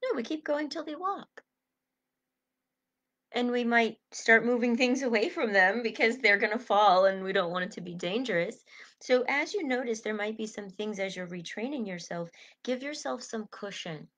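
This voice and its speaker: A middle-aged woman leading a self-help group, speaking in a soothing, encouraging way and slowing down for breathing cues. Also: mid-range voice, fairly bright tone. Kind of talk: gentle guided coaching talk.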